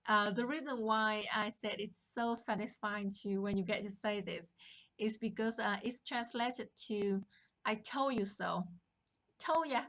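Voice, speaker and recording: A woman teaching a language lesson on a live stream, explaining patiently and greeting viewers from the chat. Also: a little high. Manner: slow, patient explaining with chat shout-outs.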